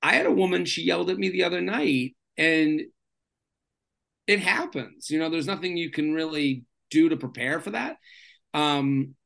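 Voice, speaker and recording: Bright, gravelly-voiced man telling stories. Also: on the high side, normal speed. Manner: rambling, filler-heavy, animated storyteller. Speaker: stand-up comedian guest. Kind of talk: casual storytelling chat.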